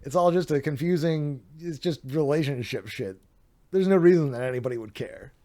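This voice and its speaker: A man's voice: a little high, moderate pace, dark tone. A man streaming late at night, reading out online drama with tired, sardonic commentary, swearing and laughing. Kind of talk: casual live-stream commentary.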